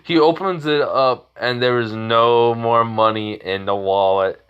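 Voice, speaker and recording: A man rambles through a casual fan story, filling his sentences with "like" and "uh". He talks slowly at a middle pitch, and the lo-fi recording sounds dull. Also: smooth. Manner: rambling, filler-heavy. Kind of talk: casual fan-fiction retelling.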